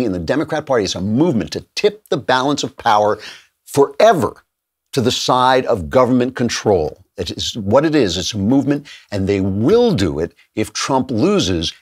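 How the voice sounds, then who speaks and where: Husky-voiced male political commentator. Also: on the low side. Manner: emphatic, sardonic, with occasional laughs. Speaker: political talk show host. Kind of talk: opinionated commentary.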